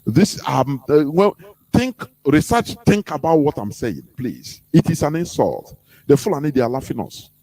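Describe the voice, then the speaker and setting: A man's voice: fairly high pitch, very animated, normal speed, warm tone, no room sound. A man with a Nigerian English accent giving an impassioned political talk as a radio host, full of rhetorical questions. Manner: preaching, rhetorical questions, acts out quoted voices.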